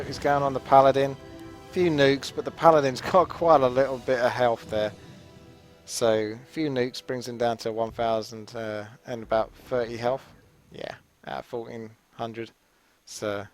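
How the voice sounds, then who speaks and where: Relaxed English esports caster. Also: male voice, mid-range voice. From England. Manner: relaxed, chatty and rambling. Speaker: esports commentator. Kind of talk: live game commentary.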